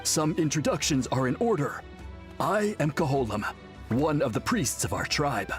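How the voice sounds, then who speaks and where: A man's voice: fairly high pitch, expressive, normal speed, lightly acted. A man voicing a formal, welcoming male tribal priest in a video game, speaking politely and formally. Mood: courteous. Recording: faint music underneath.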